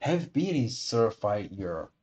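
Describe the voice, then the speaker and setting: A man's voice: on the low side, measured pace, darkish tone, natural voice. An earnest young wooden puppet boy, voiced by a man reading aloud, pleading in a slightly raised voice. His tone is sincere and humble. This is a storybook reading.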